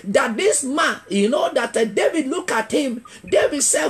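A man's voice: extremely high pitch, animated, moderate pace, few pauses. A man preaching a revival sermon as an evangelist, asking the congregation questions and repeating key phrases for emphasis. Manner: emphatic, builds to shouting.

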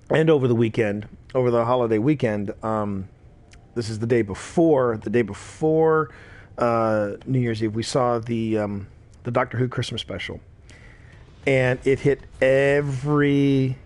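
A middle-aged man, tired, talks casually as he streams a game. His voice sits at an ordinary middle pitch. He rambles, repeats his words and reacts aloud to what happens in the match. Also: unhurried, a little mellow. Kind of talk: casual gameplay chat.

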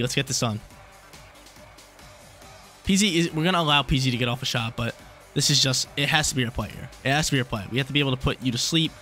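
A man casually calling the play-by-play of his own online battle, excitable and slangy, often repeating his lines. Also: mid-range voice. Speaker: game commentator.

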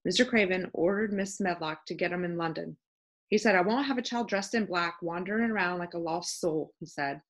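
A woman's voice: on the low side, a little fast. A woman doing a blunt Yorkshire housemaid. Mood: matter-of-fact. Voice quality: homely dialect, stout and plain-spoken. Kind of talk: audiobook character voice.

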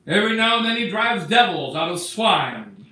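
A man's voice: sits high, sing-song, normal speed, pushed and bright. A man preaching an emphatic sermon as a bishop, acting out the words he quotes. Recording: echoey church from far off.

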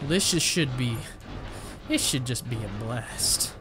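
A young man plays a shooter and comments casually for a let's-play, the game's music behind him as he rambles, jokes about himself, and voices frustration. His mid-range voice is expressive and his pace is slow.

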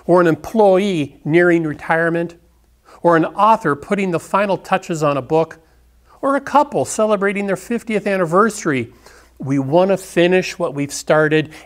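Man preaching in a relaxed conversational way. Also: fairly high pitch. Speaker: pastor. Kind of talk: sermon.

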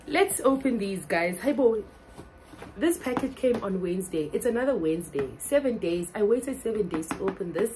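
South african girl vlogging, slow easy talk, laughs a lot, switches into zulu. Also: mid-range voice, background noise. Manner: excitable, laughs often, mixes English and Zulu. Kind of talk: casual vlog chat.

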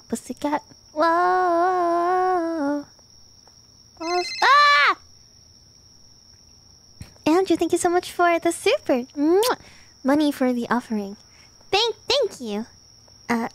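A young adult woman streaming a game, talking in a casual, playful and animated way and swearing freely. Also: high voice.

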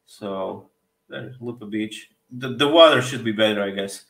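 A man in a casual panel chat explaining a map step by step, halting and searching for words. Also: fairly low pitch, creaky, fairly bright tone, roomy sound.

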